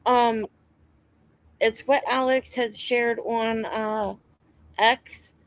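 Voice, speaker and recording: A woman's voice: fairly high pitch, steady tone, drawn-out words, no echo. A woman guest on a livestream, chatting casually and hesitantly with many fillers. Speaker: stream guest. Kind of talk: casual chat.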